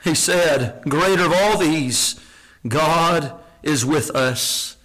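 A male preacher delivering a sermon in a high voice. He reads scripture with passion, climbing to shouted peaks and sinking to a hushed near-whisper. His tone is bright and forceful. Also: slow pace, a little hiss or hum, rough recording. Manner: impassioned, rises to shouted peaks, then drops low and hushed.

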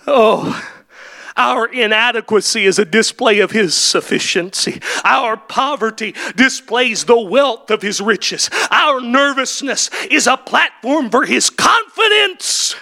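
A male preacher delivering a sermon, swelling into shouted, repeated refrains and then dropping back to quiet, questioning speech. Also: very high voice, animated, slow, creaky. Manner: builds to impassioned shouted climaxes, then drops to quiet.

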